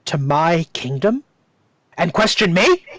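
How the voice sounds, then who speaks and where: A jabbering, half-mad man who wants to be king, as a game master plays him at the table. He talks slowly and keeps circling back on the same words, in a dry, close-sounding voice. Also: medium pitch, big pitch swings, a bit bright, no echo, heavily acted. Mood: proud, regretful. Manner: jabbering, repeating himself. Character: rambling unhinged man who would be king.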